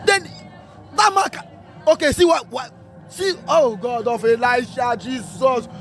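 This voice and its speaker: A man's voice: extremely high pitch, lively intonation, measured pace, a bit bright, faint music behind, some chatter behind. A man, an upset football fan ranting in an exasperated, repetitive way. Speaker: angry football fan in a clip.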